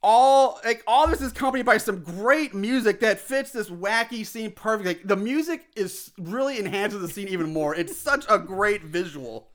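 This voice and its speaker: An excitable man talks through a film's plot in loose podcast chat, swearing freely and now and then acting out a line. His voice sits high for a man and rings bright and forceful. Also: moderate pace, few pauses. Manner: excitable, profane, acts out lines with shouts. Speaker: podcast co-host recapping a movie. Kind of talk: casual chat.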